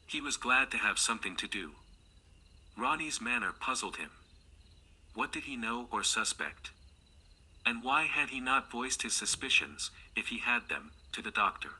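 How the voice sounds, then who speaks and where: Bright, husky male audiobook narrator. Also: mid-range voice, lively intonation, normal speed. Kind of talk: scripted narration.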